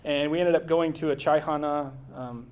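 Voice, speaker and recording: A man's voice: fairly high pitch, steady tone, moderate pace, darkish tone. A middle-aged American man giving a casual travel slideshow talk, rambling with many fillers and restarts. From United States.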